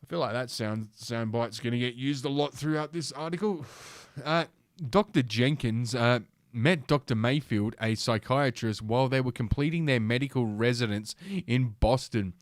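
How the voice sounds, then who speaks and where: At a moderate pace, a mid-range male podcast host reads an article out loud and ridicules it with vulgar, swear-heavy asides. He laughs at his own humor throughout. The recording is studio quality, free of echo.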